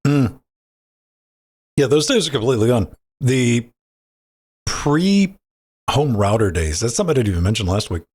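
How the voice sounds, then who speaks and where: A man's voice: mid-range voice, very animated, normal speed, long pauses, a little mellow, breathy edge. A man co-hosting a gaming podcast in loose, rambling banter, swearing casually and restarting his sentences. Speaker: podcast co-host.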